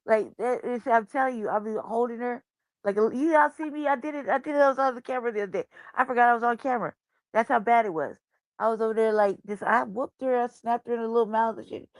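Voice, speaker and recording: Dry, high-voiced woman host telling profane stories. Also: fast talker, no echo. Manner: profane, animated storytelling. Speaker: show host. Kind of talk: casual livestream chat.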